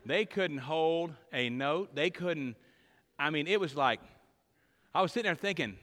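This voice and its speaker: A man preaching a sermon in a church sanctuary, his bright, forceful voice carrying a long hall reverb. He moves between loud emphatic declarations and quiet, tender stretches. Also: on the high side, expressive, normal speed. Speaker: pastor.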